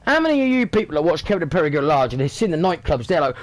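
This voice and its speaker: A man's voice: very high voice, very animated, quick pace, few pauses, dry recording. A British man in his thirties ranting sarcastically in a casual vlog, swearing often. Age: 30s. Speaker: vlogger.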